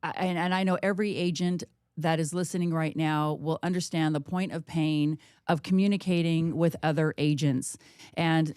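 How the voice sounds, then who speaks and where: A chatty woman co-hosting a podcast, her voice sitting a little low for a woman. She tells her stories in a lively, conversational way, close to a dry, dead-sounding mic. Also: dry recording. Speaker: podcast co-host, real estate. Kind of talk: casual podcast chat.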